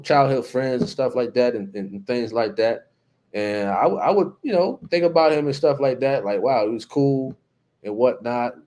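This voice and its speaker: A man's voice: medium pitch, a little mellow. A man from New Jersey with a New Jersey accent, hosting a casual live-stream chat, reading out viewer comments in a laid-back way. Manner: reads out viewer comments and greets viewers by name, laid-back, many fillers.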